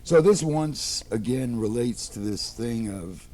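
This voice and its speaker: A man being interviewed, telling relaxed anecdotes and acting out the people in them. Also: mid-range voice, slow pace. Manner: animated, acts out quoted people. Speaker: interview guest, theater producer.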